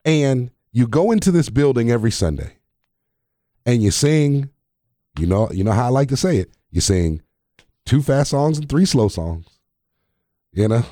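A man's voice: medium pitch, big pitch swings, normal speed, long pauses, warm tone, no room sound, studio quality. A man hosting a casual faith podcast, preaching in repeated phrases and chuckling at his own jokes.

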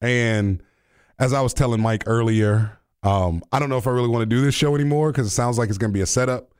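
A man's voice: mid-range voice, fast talker, a little mellow, smooth, no room sound, clean studio sound. A young man hosting a radio talk show in casual, playful chat, laughing often and joking about himself. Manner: playful, laughs often, jokey self-mocking asides.

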